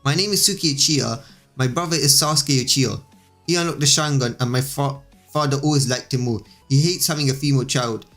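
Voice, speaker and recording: A man's voice: medium pitch, quick pace, a bit bright, soft background music, lightly acted. Bullied young girl, read by a man, lonely and hurt. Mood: sad.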